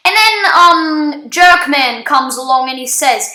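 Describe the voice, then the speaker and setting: Woman, high voice, slow, rambling casual story, many fillers, echoey room. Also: sharp tone. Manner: rambling, halting, full of ums and restarts. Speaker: gaming channel storyteller. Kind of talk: casual spoken story, recounting an online game.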